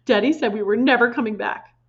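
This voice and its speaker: A woman voicing a small, bold girl who cries out in a high, breathless voice while reading a storybook aloud. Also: fast, dull audio, lightly acted. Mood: frantic.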